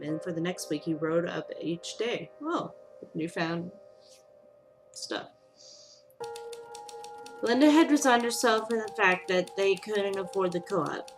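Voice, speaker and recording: A woman gamer doing let's play commentary, reacting emotionally with frequent exclamations and reading the game's text aloud. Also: on the low side.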